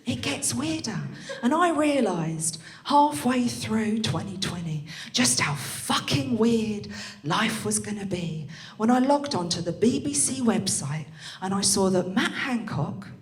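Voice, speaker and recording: A woman's voice: mid-range voice, a little slow. A young woman doing a brash, crude stand-up comedy set on a club stage, talking into a handheld mic. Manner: brash, crude and animated, with bursts of laughter. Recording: echoey club room.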